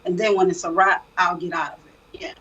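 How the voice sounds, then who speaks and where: A woman from South Florida, an actress, talking through her craft in an easygoing interview with reflective, animated storytelling. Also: fairly low pitch, fairly quick, husky, distant mic, lo-fi sound. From born in the Bahamas, raised in South Florida. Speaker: actress guest. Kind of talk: casual interview talk.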